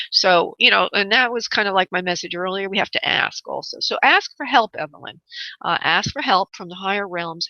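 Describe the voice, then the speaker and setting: Gentle woman medium on lo-fi radio. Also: lowish voice, no room sound. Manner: gentle, calls callers honey and love, many uh fillers. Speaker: psychic medium radio host. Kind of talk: call-in radio reading.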